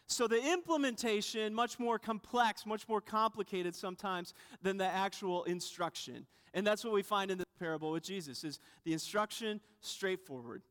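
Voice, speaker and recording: A man's voice: sits high, fairly bright tone, clean tone. A man in his thirties preaching a sermon, telling a personal story with self-deprecating humor and acting out the voices. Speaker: pastor. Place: church sanctuary. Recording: reverberant church hall.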